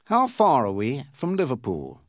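A man voicing a calm, precise gentleman traveler who speaks formally and evenly. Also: mid-range voice, normal speed, no room sound, clean studio sound.

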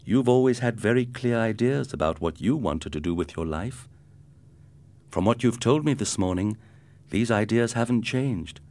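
A man voicing a concerned mother gently questioning her teenage son about his friends. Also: on the low side, animated, moderate pace, voice pushed up, lightly acted.

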